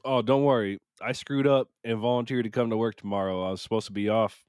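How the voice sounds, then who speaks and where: A man's voice: on the low side, fairly even intonation, quick pace, darkish tone, clean tone, no room sound, clean studio sound. Rambling self-mocking man. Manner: rambling, self-mocking, acts out what he told himself. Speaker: podcast co-host. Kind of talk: casual podcast chat.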